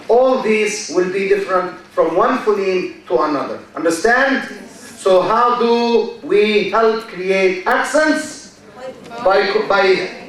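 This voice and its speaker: A man giving a university lecture in a large hall, speaking slowly, repeating key phrases and quizzing his students. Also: high-pitched, a bit bright. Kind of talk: classroom lecture. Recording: echoey hall from far off.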